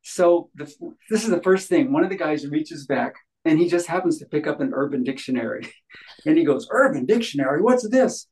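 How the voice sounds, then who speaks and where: A man's voice: a little high, a little fast, darkish tone, low-quality recording. A man telling a long anecdote in a casual interview, rambling with many fillers and acting out the voices of others. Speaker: guest, healing practitioner.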